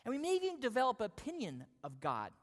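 High-voiced preacher telling a story. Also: male voice, quick pace. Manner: storytelling, animated, self-deprecating. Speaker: pastor. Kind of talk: sermon with personal story. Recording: long hall reverb.

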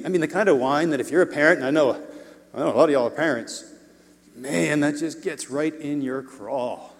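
A man preaching a sermon in an animated way, shifting his volume and adding playful asides to the congregation. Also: fairly high pitch, brisk, big-room sound.

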